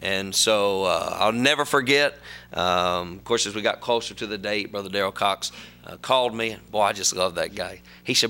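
A man's voice: lowish voice, normal speed, sharp tone. A middle-aged man preaching a sermon, telling folksy stories and reading scripture aloud.

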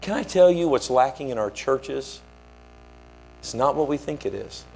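The voice is a man's, medium in pitch and creaky, moving at a moderate pace. He's a pastor preaching through stories, animated throughout and voicing the people he quotes.

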